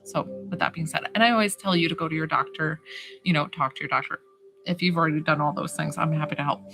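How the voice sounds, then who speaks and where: A woman's voice: low-pitched, fast talker, low-quality recording. A woman, a psychic healer, chatting casually and bubbly on a live stream, greeting viewers by name. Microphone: phone camera. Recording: live stream with music playing behind. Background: music.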